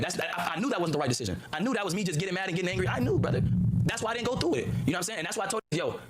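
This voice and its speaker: A man's voice: sits high, expressive, rapid-fire, crowd noise. A man on a livestream clip, talking in a rambling, heated way and repeating "you feel me" and "you know what I'm saying.". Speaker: streamer in a played clip. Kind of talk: heated casual livestream talk.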